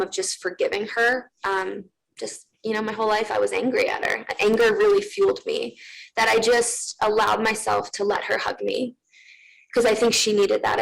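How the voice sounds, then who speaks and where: A young woman in her twenties telling her own story as a TV interview guest. Her voice has a gravelly creak at mid pitch. She talks earnestly and rambles, with lots of "like" and "you know". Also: low-quality recording. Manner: earnest, rambling with many fillers.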